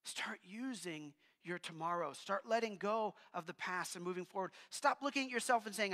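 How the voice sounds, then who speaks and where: A male pastor preaching a sermon in a casual, animated way, with asides to the congregation. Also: high-pitched, a little fast, hardly any pauses. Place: church hall. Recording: long hall reverb.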